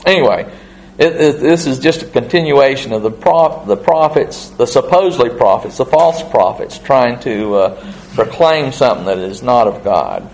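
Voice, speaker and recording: Man, bible teacher, gravelly low-end fry, reads verses then explains casually. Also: animated, darkish tone, a little hiss or hum, rough recording. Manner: reads scripture then explains in plain, halting asides. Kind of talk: Bible study reading and commentary.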